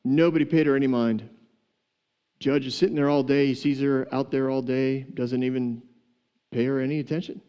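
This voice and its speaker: A man's voice: medium pitch, fairly even intonation, normal speed, smooth, lo-fi sound. A pastor preaching a sermon to his church, retelling a parable with humor, laughing often and acting out the characters. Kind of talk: sermon storytelling.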